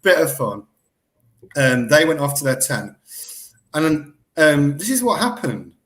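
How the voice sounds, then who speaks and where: Lively, animated man telling a story. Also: a little high, unhurried. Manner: animated, excitable retelling with lots of self-corrections. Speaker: guest researcher. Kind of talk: casual storytelling in an interview.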